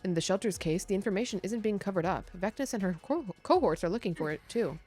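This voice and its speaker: A woman voicing a weary, solemn old man while reading game dialogue aloud in a slow, heavy way. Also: medium pitch, animated, a little mellow, soft background music, natural voice.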